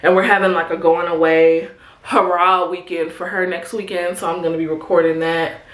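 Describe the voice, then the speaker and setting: A woman's voice: on the low side, level tone, normal speed, roomy sound. A woman in her twenties from Chicago, chatting candidly with her viewers in a casual get-ready-with-me vlog, calling them "y'all" and "honey". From Chicago, USA. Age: 20s. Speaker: vlogger. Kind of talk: casual chat while getting ready.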